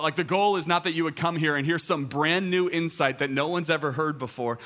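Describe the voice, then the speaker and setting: A man's voice: fairly high pitch, fairly bright tone. A man, a teaching pastor, preaching a sermon in an earnest way and repeating his key phrases for emphasis. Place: church auditorium, also streamed online.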